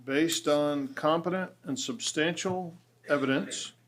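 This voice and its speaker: A man serving as a county commissioner, making a formal motion in a public meeting, pausing often with ums and uhs. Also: a little high. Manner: hesitant, many ums. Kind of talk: meeting motion, halting with fillers.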